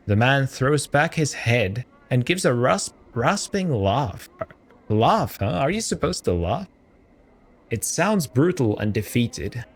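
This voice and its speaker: A man hosting a let's play of a role-playing game, reading the game's text and thinking out loud in a casual, jokey way, often stopping to correct himself. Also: medium pitch, very animated, takes it slowly. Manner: musing aloud, jokey and self-correcting. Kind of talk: casual gameplay commentary.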